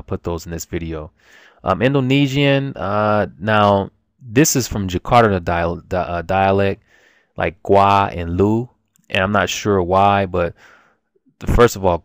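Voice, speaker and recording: A man's voice: sits low, no room sound, clean studio sound. A man giving a casual, rambling language lesson at his computer, full of restarts and fillers. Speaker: language teacher.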